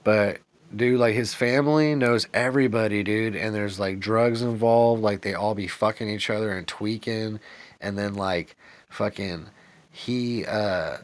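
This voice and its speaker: A man's voice: on the low side, unhurried. Profane, rambling man talking to camera. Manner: profane, agitated, peppered with "dude" and "like"; paranoid storytelling, hesitant restarts. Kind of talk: rambling vlog monologue.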